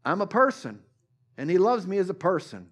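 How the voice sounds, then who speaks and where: Male pastor, high-pitched, emphatic repetitive sermon delivery. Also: sing-song, moderate pace. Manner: repetitive, emphatic phrasing with sudden swings between loud and hushed. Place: church service.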